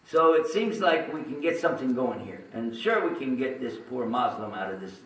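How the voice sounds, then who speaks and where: A religious speaker from Texas shares his personal story with an audience, chatty and full of asides. He has a mid-range, fairly bright voice with lively intonation at normal speed, recorded from a distant mic with a roomy sound.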